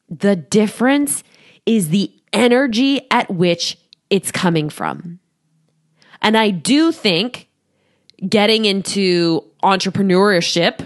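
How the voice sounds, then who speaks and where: A woman in her thirties hosting a solo podcast as a coach, talking to a studio microphone, animated, often laughing and acting out quoted voices. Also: mid-range voice.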